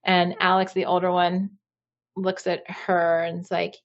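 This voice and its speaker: A woman's voice: lowish voice, completely flat delivery, a little slow, lo-fi sound. A woman in her forties, a marriage coach and podcast guest, telling personal stories candidly with many fillers. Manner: candid, uses many fillers like "you know". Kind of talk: podcast interview storytelling.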